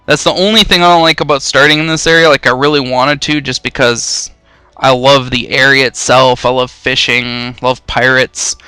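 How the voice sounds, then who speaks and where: Swearing young man, bright clear voice. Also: medium pitch, fairly even intonation, moderate pace, no room sound, faint music behind. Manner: rambling, swears freely, self-mocking. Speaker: gaming YouTuber. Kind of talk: casual let's-play commentary.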